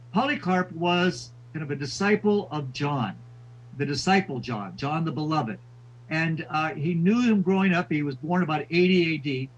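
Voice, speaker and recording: A man's voice: a little high, highs cut off, slight background noise. A man lecturing on history, telling stories with frequent fillers and quoting figures. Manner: storytelling with quoted voices, frequent fillers.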